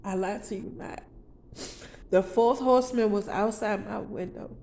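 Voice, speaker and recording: Slow-talking woman, rambling and profane. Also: medium pitch, vocal fry, darkish tone, a little hiss or hum. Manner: rambling, profane, preaching with sudden outbursts; stumbles and restarts words. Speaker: vlogger. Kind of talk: rambling confessional monologue.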